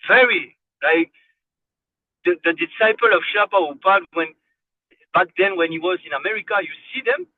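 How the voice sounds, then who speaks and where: A man's voice: sits high, expressive, brisk, pauses often, dry recording. A man giving a devotional class, fervent and exhorting, repeating phrases for emphasis. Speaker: spiritual class speaker. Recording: tinny phone-like line, dry.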